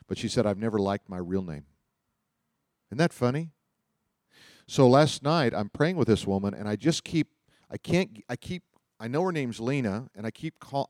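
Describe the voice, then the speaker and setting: A man's voice: medium pitch, darkish tone, no echo, studio quality. A man preaching, telling personal stories in a loose, rambling way with frequent restarts. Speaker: pastor. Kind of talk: sermon storytelling.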